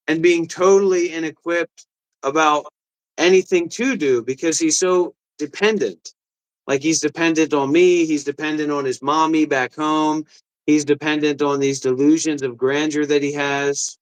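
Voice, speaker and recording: A man's voice: fairly high pitch, rough recording. A man co-hosting a livestream, ranting and mocking in casual chat. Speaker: livestream co-host.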